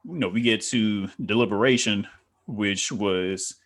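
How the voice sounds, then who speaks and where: A man's voice: fairly low pitch, unhurried. A man co-hosting a casual review chat, laid-back and slangy, acting out quotes from the show. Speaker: co-host reviewing a reality show.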